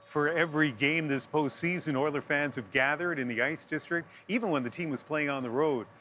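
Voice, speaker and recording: Guy anchoring the news from outside in a city plaza, bright punchy voice, a bit of noise around. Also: a little high, fairly quick. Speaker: news anchor reporting on location. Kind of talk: live news presenting.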